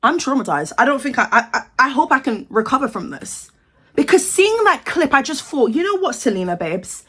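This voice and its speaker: Sassy husky British woman ranting. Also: high-pitched, big pitch swings, fairly quick, a bit bright. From United Kingdom. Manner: sassy, outraged, exaggerated. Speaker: commentary vlogger. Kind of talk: ranting celebrity commentary.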